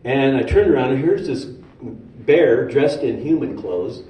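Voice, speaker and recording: Guy preaching with funny stories, mellow voice, lots of ups and downs, mic far off in a big echoey hall. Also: mid-range voice, a little slow. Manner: animated, humorous storytelling. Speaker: speaker at a spiritual center. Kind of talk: storytelling sermon. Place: hall of a spiritual center. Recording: roomy hall, distant mic, faint noise.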